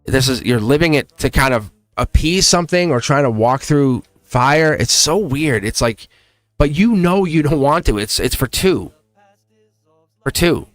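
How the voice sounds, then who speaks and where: A man hosting a live tarot reading, talking in a chatty, excited way, laughing often and acting out voices as he reads the cards. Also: mid-range voice, a little slow, dry recording, soft background music.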